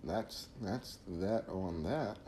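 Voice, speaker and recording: Low, mellow-voiced man giving faith advice. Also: very slow, roomy sound, a little hiss or hum. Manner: earnest, preachy, restarts phrases. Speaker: podcast host. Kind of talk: casual faith talk, monologue.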